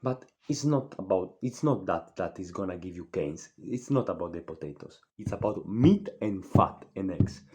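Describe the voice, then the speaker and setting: A man's voice: low-pitched, expressive, normal speed, few pauses, dark tone. A nineteen-year-old man, a native Spanish speaker, delivering a blunt, profane, repetitive motivational fitness vlog monologue. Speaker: fitness vlogger.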